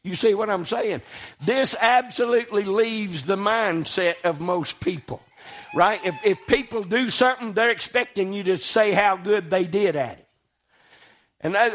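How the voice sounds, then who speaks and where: High-voiced preacher, impassioned. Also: male voice. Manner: impassioned, swings from loud exclamation to quiet asides. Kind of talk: sermon.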